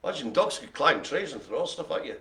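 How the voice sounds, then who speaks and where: Creaky and sharp in tone, this host's voice sits on the high side and moves fairly quickly in a sing-song lilt. He calls dog bingo on a live show in a room with colleagues, joking theatrically and laughing often.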